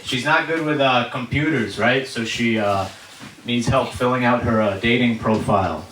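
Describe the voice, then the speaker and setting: A man from Uzbekistan doing a stand-up comedy set, crude and animated with many asides. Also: medium pitch, moderate pace. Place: comedy stage before a live audience. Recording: echoey venue from far off, loud noise.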